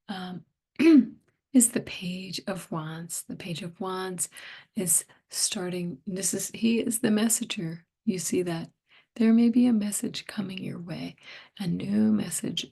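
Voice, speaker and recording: A middle-aged woman giving a tarot reading, hoarse and losing her voice, half whispering in a gentle, musing way. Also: mid-range voice, slow pace. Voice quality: breathy, partly whispered. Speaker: tarot reader.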